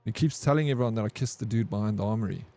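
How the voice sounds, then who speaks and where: A man's voice: on the low side, racing, a little mellow. A man streaming a game, telling a long, rambling anecdote with plenty of swearing and "bro". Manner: rambling, profane, says "bro" a lot. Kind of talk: casual storytelling over gameplay.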